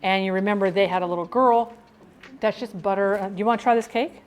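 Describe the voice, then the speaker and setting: A woman's voice: medium pitch, fast talker, a little hiss or hum. A woman vlogging in a rambling, talkative casual chat that jumps between thoughts.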